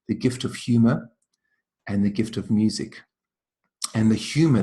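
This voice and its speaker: A man from South Africa speaks as an interview guest, with a low and gravelly voice. He tells his stories gently and thoughtfully, often slowing down and letting his words fade softly. His tone is warm-hearted and measured. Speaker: guest, traditional healer. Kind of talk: reflective storytelling interview.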